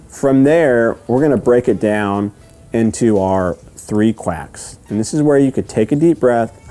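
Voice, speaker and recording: A man giving a step-by-step lesson, patient and repetitive, often checking in with "okay?" and slowly counting out rhythms. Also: mid-range voice, warm tone. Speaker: duck calling instructor. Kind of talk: step-by-step instruction.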